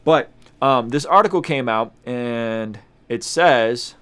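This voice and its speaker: A man's voice: medium pitch, slow, fairly bright tone, clear, resonant tone. A man hosting a casual vlog, talking straight to his viewers, emphatic and repeating lines for effect. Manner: addresses viewers directly, conversational slang. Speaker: YouTube host.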